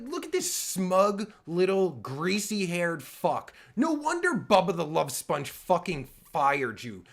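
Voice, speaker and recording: A man with a high-pitched, slightly bright voice reacts to a podcast clip as a podcast host. His commentary is an angry, sarcastic rant, and he swears constantly.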